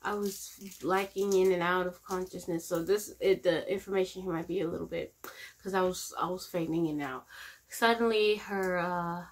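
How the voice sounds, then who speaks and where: A young woman vlogging at home, telling a personal story in a rambling, halting way with lots of fillers and restarts. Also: fairly low pitch, steady tone. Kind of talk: casual storytelling to camera.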